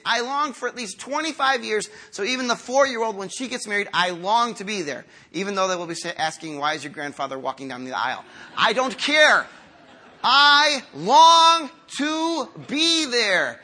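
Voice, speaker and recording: A pastor in his fifties preaches in an earnest, conversational way, dropping low for quiet lines and rising for emphatic ones. His voice sits high for a man and rings very bright. He talks to his congregation as if chatting with them. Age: 50s. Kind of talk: sermon.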